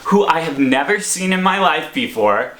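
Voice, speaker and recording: Animated young man telling a story. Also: a little high, normal speed, reverberant. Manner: animated, laughing, dramatic storytelling. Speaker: vlogger. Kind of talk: storytime vlog. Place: his apartment.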